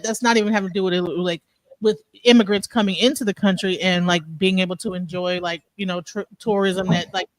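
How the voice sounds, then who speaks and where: A man's voice: high voice, a bit bright, no room sound. Man, panel host, casual talk, rambling, restarts often, dry close sound. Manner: rambling, many restarts and fillers. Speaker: show host.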